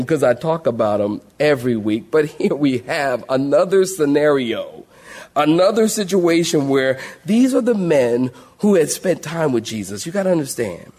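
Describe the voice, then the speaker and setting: Animated man preaching a Bible study. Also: medium pitch, moderate pace. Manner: animated, conversational storytelling with humor. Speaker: pastor. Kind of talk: sermon-style Bible study.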